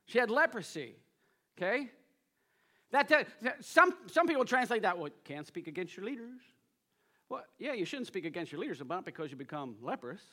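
High, bright-voiced man preaching energetically. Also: brisk. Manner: energetic, exhorts the congregation to respond. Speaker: pastor. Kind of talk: sermon. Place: church service before a congregation.

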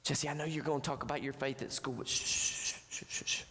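A man voicing a sly male evil spirit in whispered role-play, hushing and coaxing with repeated shh sounds. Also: medium pitch, steady tone, fairly quick, in a large hall, voice pushed down.

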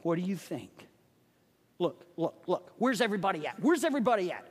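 Man voicing an eager scheming friend, hushed low murmur, conspiratorial, long hall reverb. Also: big pitch swings, a little fast, husky, exaggerated voice. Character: eager male friend hatching a secret plan.

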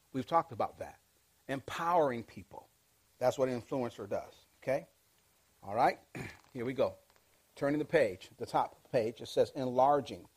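A man teaching a leadership class, energetic and interactive, calling out questions and pushing the audience to answer back. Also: mid-range voice, husky. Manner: energetic, call-and-response with the audience.

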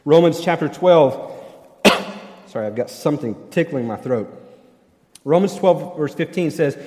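A man's voice: a little high, animated, unhurried, pauses often, a little mellow, a little hiss or hum. A middle-aged male pastor preaching a sermon in a church sanctuary, conversational and wry, with self-deprecating humor. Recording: long church hall reverb.

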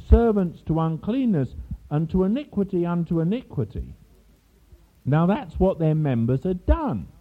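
An older man from England preaches a sermon, mixing teaching with anecdotes and small laughs. His voice swings widely in pitch as he tells the story. The recording is narrow and tinny, like a telephone line. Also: breathy edge. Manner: storytelling with asides and laughs, animated. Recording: tinny phone-like sound.

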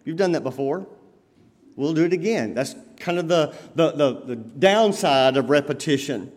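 A man preaching a sermon as pastor, swinging between loud emphatic lines and quiet lowered ones. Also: lively intonation, moderate pace, big-room sound.

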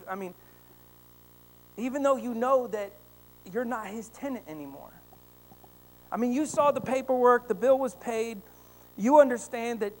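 A pastor delivers a sermon to his church, spinning an everyday story and turning it into a lesson. He speaks straight to the congregation, tossing in "right?" to pull listeners along, and builds toward fervent, emphatic declarations. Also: mid-range voice. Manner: storytelling, addressing the congregation directly with rising fervor; frequent "right?" tag questions.

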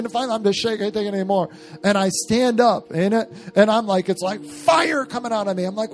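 A man's voice: high voice, fast talker, faint music behind. A man preaching an impassioned sermon and praying over a church service, with fervent, repeated declarations.

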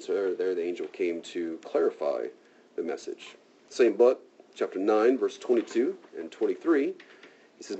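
A man's voice: lowish voice, animated, moderate pace, mellow, husky. A man preaching a conversational sermon, casual and talky, often checking in with "right?", in a dull lo-fi recording.

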